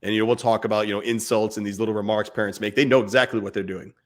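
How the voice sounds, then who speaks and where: An earnest man in his thirties, his voice sitting a little low. He talks through fatherhood in a relaxed conversation, speaking in bursts as he pushes a point. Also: rapid-fire. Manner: earnest, speaks in bursts, imitates barking dad voice. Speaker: podcast co-host. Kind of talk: casual chat.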